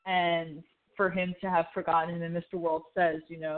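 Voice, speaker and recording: A woman's voice: on the low side, flat delivery, moderate pace. A woman in casual chat, animatedly retelling TV scenes and acting out the characters' lines. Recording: phone-like thin audio.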